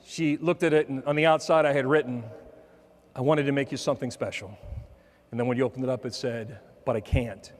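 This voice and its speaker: A man giving a motivational keynote talk, telling a personal story with humor and dropping softer for quoted lines. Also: medium pitch, steady tone, a little fast. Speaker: motivational speaker. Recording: long hall reverb.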